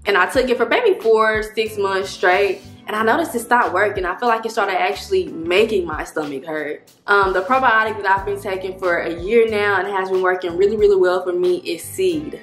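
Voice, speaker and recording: A woman's voice: mid-range voice, fairly bright tone, echoey room. A woman talking casually to her viewers in a rambling, friendly vlog, a little out of breath. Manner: chatty, rambling, addresses viewers as y'all. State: slightly out of breath. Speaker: vlogger.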